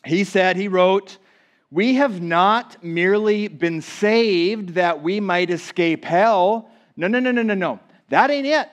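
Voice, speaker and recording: A man with a high-pitched voice preaches a sermon in a church sanctuary. He swings between loud, emphatic declarations and quiet, hushed asides as he works through the text for his congregation. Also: takes it slowly. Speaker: pastor.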